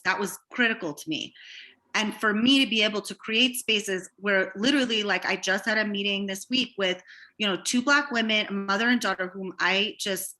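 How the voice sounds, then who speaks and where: A woman business owner speaking as a guest in an interview, candid and reflective, often pausing with fillers. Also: mid-range voice, sharp tone. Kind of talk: conversational interview.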